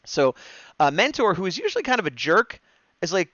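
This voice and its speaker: Excited man recapping a show, lo-fi mic. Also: fairly high pitch, fairly quick, no room sound. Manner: excited, rambling, acts out quoted lines. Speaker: co-host of a fan discussion show. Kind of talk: casual recap chat, livestream. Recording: dull, dry, lo-fi stream mic.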